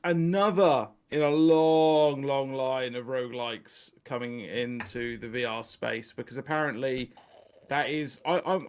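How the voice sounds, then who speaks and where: A man hosting a casual podcast, talking in a rambling, animated way and laughing often. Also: medium pitch. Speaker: podcast host.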